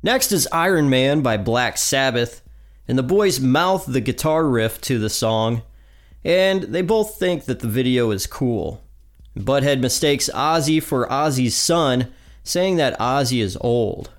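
A man's voice: mid-range voice, expressive, measured pace. Man narrating an episode recap. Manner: plain retelling with quoted lines. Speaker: podcast host.

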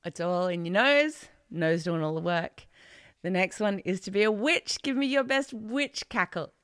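A woman teaching singing from a home studio, chatty and playful as she demonstrates techniques. Her voice is bright and forward, recorded dry and close. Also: medium pitch, expressive, measured pace, clean tone, no room sound. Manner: chatty and playful, sings scale degrees and demos silly twangy voices. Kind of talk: online vocal lesson. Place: home studio with birds and geckos outside.

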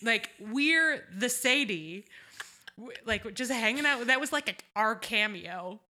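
A woman's voice: on the high side, animated, unhurried, bright, forceful tone. A woman co-hosting a podcast, chatting casually about a TV episode, swearing freely and laughing often. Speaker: podcast co-host. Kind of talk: casual chat recap.

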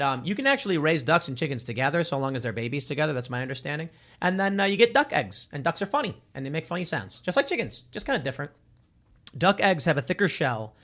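A man's voice: on the high side, fairly bright tone. A man talking casually and jokingly, giving his opinions and acting out quoted voices.

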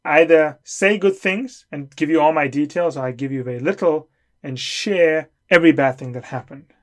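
A man's voice: fairly high pitch, normal speed. A middle-aged man giving an emphatic, lecturing talk as a consulting coach. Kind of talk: lecture to camera.

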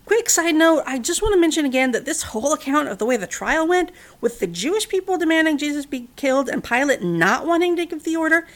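A woman retelling a Bible story in a casual, chatty way, dropping in wry asides and little fillers. Her voice sits fairly high and swings widely in pitch. It sounds relaxed and conversational rather than formal. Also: fast, few pauses.

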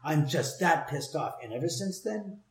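A man's voice: a little high, normal speed. Profane, fired-up man telling a story. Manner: profane, heated, animated retelling. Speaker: storyteller, homeowner with a haunted house. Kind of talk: casual storytelling conversation. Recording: roomy echo.

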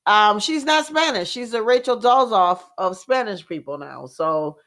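A woman, co-hosting a casual chat and telling stories in an animated way, with fillers and laughs. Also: medium pitch, moderate pace. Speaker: co-host.

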